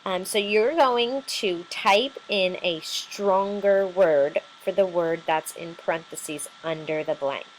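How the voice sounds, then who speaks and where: A woman's voice: on the low side, takes it slowly, hardly any pauses, slight background noise, low-quality recording. A woman teacher giving a recorded lesson, explaining patiently step by step with many fillers.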